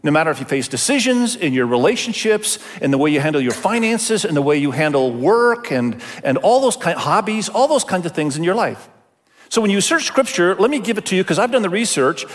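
A man's voice: high voice, sing-song, fairly quick. A pastor preaching a sermon in a conversational way, speaking directly to his listeners. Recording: long hall reverb.

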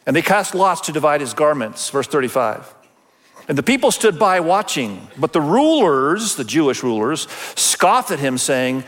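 A man's voice: a little high, very animated, normal speed, fairly bright tone, big-room sound. A man preaching a sermon as pastor, talking conversationally and acting out quoted voices.

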